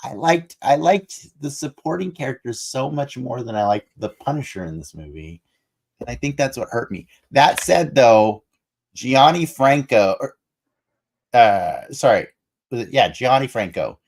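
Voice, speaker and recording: A man co-hosting a podcast, talking through a movie in a rambling, animated way with many restarts. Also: medium pitch, moderate pace, gravelly. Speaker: podcast co-host. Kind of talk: casual movie discussion.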